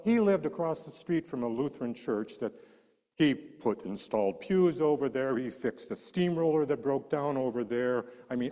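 A man preaching in a large hall, his mid-range voice ringing with long reverb. He tells a personal story with animated delivery, acting out the voices of the people in it. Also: medium pitch. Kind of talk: sermon storytelling.

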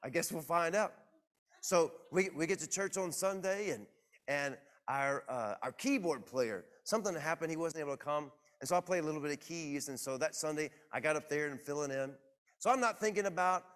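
Man, pastor, preaching in church, lively self-mocking storyteller, fairly high voice. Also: normal speed. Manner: animated, self-deprecating storyteller. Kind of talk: sermon storytelling.

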